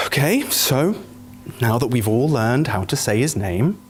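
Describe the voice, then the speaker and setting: A man's voice: medium pitch, very animated, unhurried, slight background noise. A male host of an esports show, flustered and hesitant during a comedy bit. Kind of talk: comedy sketch hosting.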